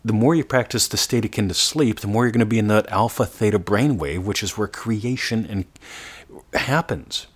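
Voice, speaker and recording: A man giving a motivational coaching talk, earnest, sometimes slowing to a soft, drawn-out demonstration voice. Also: on the low side, slightly rough. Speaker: manifestation coach.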